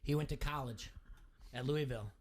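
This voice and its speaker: A man's voice: mid-range voice, moderate pace. A man hosting a sports radio show, telling a story in a rambling way and acting out the quotes. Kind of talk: casual sports talk.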